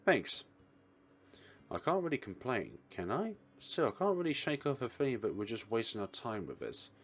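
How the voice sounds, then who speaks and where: A man's voice: mid-range voice, very animated, normal speed, a little hiss or hum. A man hosting a let's play, reading a visual novel in first person and voicing the protagonist with a dry, wry manner.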